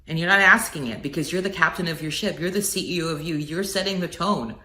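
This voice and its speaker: Low-voiced earnest woman, motivational message. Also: quick pace, sharp tone, roomy sound. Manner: earnest, preacherly, swells on key words. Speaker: inspirational speaker.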